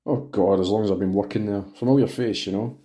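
A man's voice: on the low side, steady tone, fast, dark tone, natural voice. A man reading the part of a cocky, evasive male suspect being questioned.

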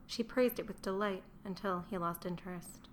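A woman's voice: medium pitch, normal speed, a little hiss or hum. Woman narrating an audiobook.

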